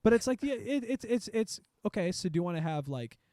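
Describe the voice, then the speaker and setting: Rambling, foul-mouthed young man, fairly high voice. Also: sing-song, brisk, mellow, no room sound, clean studio sound. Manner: rambling, profane, goes off on tangents. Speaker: podcast co-host. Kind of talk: casual chat.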